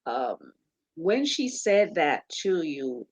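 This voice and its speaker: A woman hosting an interview, asking slow, halting questions full of fillers. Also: low voice, sing-song, slightly rough, no room sound. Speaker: host.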